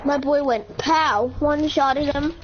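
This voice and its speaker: A woman's voice: high voice, fairly even intonation, measured pace. A woman gamer teasing and bossing her teammates during an online shooter match, jokingly threatening to kick them. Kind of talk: casual chat while playing an online shooter. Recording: muffled lo-fi mic with loud clicking noise.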